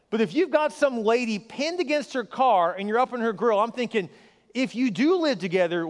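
A male pastor with a very high voice tells stories from the pulpit and keeps asking his listeners questions. His speech is conversational. It rings out with a long reverb, as in a large church hall. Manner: storytelling, conversational, asks the crowd questions. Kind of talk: sermon.

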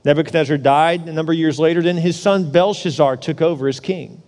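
A male pastor preaching a sermon in a church sanctuary, animated, acting out scenes and dropping to a hushed intensity. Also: on the high side, fairly quick. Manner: animated preacher, acts out a partying king. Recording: long church hall reverb.

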